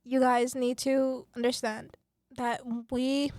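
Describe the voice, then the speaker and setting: A woman hosting a student radio podcast, talking with passion and many fillers, then reading her script in a calmer presenter voice. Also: high-pitched, slow pace, no echo, clean studio sound. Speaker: podcast host.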